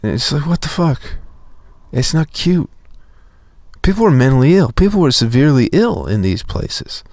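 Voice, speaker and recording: A man's voice: a little high, very animated, moderate pace, a little mellow, dry recording, studio quality. A young man telling a profane, exasperated story as a podcast host in a casual comedic rant.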